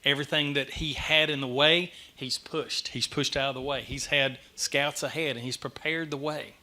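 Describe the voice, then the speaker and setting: A middle-aged man gives a church message, telling the story in an animated, self-deprecating way. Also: medium pitch, moderate pace. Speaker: lay speaker giving a church message. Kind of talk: sermon. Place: church sanctuary.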